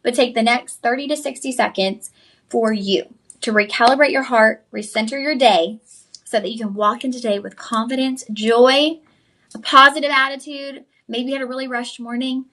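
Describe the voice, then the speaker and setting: A woman's voice: on the high side, steady tone, normal speed, fairly bright tone. Upbeat woman selling jewelry live. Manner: upbeat, chatty, says "y'all". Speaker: shopping channel host. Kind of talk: live shopping broadcast pitch.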